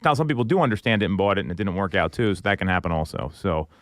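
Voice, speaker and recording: Fast-talking low-voiced radio host man. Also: very animated, fairly bright tone, dry recording, clean studio sound. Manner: quick, stumbling restarts. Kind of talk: casual radio chat. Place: radio studio.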